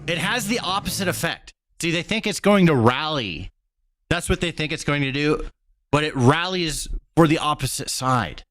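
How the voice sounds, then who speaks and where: A male commentator reacts to clips in a slightly raised voice that swings widely in pitch. He talks bluntly and mockingly, cursing as he goes. The sound is dry and close, with no room around it. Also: animated, normal speed, a bit bright, dry recording, soft background music. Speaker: commentary host.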